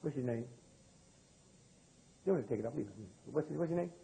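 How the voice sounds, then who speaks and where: Speaking at a quick clip, this American lecturer addresses a live audience with drawling, loosely structured storytelling and keeps drawing answers from the room. His mid-range voice is expressive, warm and creaky. The audio is poor, with a faint hiss or hum.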